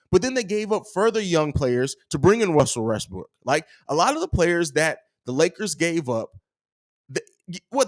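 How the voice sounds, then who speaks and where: A young man hosting a casual live stream, talking in slang and reading viewer comments aloud. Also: sits high. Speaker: host of a fan live stream.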